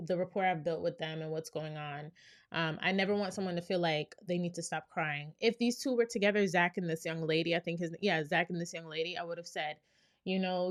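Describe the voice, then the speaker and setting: A woman therapist giving reaction commentary, explaining things step by step and often checking in with "right?". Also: on the low side. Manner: reflective, explains step by step, many "right?" asides.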